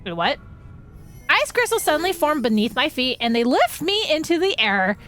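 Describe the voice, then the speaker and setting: A young woman streaming a game, excitable and giggly, gushing as she reads the dialogue aloud. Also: high voice, normal speed. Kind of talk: gaming livestream commentary. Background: game music.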